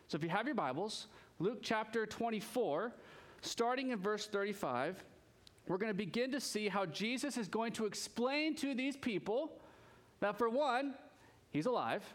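A man preaching a casual, conversational sermon as a pastor, chatty and animated, joking with the congregation as he goes. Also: sits high.

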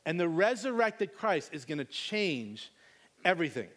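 A man's voice: a little high, sing-song, moderate pace, a bit bright. A man preaching a sermon, reading scripture and then retelling it in a casual, conversational way with slangy asides.

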